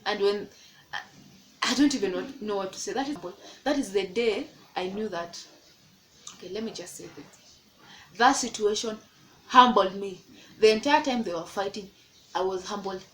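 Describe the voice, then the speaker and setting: A woman's voice: slight background noise, rough recording. A young woman in her twenties with a Kenyan English accent, telling a storytime vlog and acting out the people in it. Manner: animated, acts out quoted voices in a much higher pitch. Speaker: vlogger.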